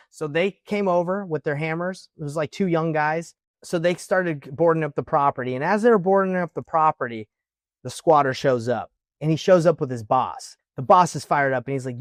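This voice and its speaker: On the high side and at normal speed, this man's voice comes through clean and dry from a studio. A real estate investor, he breezily recounts a story to the camera, performing the dialogue and peppering it with frequent "like."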